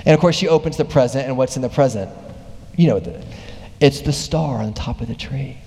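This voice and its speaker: Animated preacher man in a reverberant hall. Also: a little high. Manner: animated storytelling, voice rising with excitement. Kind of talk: sermon.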